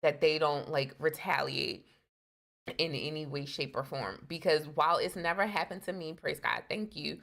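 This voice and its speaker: A woman's voice: sits low, normal speed, gravelly, fairly bright tone. A young adult woman co-hosting a casual relationship podcast, telling candid stories in an earnest way. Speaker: podcast co-host. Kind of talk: casual chat.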